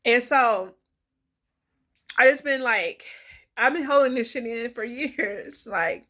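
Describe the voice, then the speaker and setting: A woman's voice: fairly high pitch, expressive, takes it slowly, pushed and bright. Tearful woman, candid rambling vlog. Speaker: vlogger. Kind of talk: emotional personal vlog.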